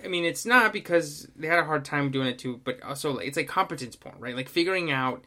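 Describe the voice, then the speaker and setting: Young male co-host, animated and casual, bright tone, voice on the higher side. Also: fast talker. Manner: animated, laid-back slang, swears freely. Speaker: podcast co-host. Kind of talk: casual chat.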